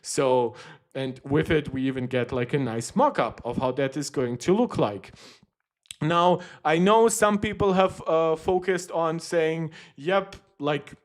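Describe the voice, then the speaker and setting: A man's voice: fairly high pitch, a little slow. Chatty tech streamer, a man. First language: German. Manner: chatty, rambling, frequent restarts. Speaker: tech channel host. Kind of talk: casual livestream commentary.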